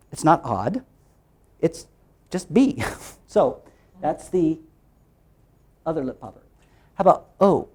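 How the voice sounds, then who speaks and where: A man training teachers in a phonics workshop, lively and quick to jump in pitch, asking questions and answering them himself as he chants through repeated steps.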